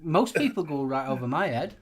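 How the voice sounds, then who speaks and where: Man, high, lively pitch, agreeable, short remarks. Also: a little fast. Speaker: live stream co-host. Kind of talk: casual chat.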